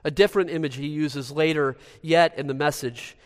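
A man's voice: on the high side, fairly even intonation, moderate pace, few pauses. A man preaching a sermon as pastor, emphatic and building to pressing rhetorical questions before his congregation. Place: church sanctuary. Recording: long reverb of a church hall.

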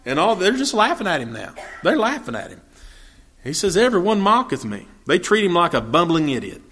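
A man's voice: a little high, very animated, fairly quick, a bit bright, slightly rough. A man teaching a verse-by-verse Bible study. He reads the scripture aloud and then explains it in plain, folksy talk with fillers and restarts.

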